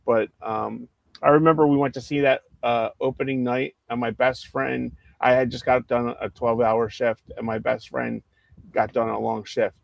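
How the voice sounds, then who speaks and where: A man's voice: mid-range voice, creaky, highs cut off. A man co-hosting a casual movie podcast, telling stories animatedly and acting out quotes. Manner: animated storyteller, acts out quotes. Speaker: co-host.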